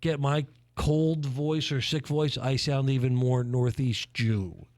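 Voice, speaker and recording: Here the voice is medium-pitched, steady and a little mellow, captured in a dry recording. It belongs to a man from Philadelphia hosting a playful morning show, cracking jokes and making theatrical quick asides.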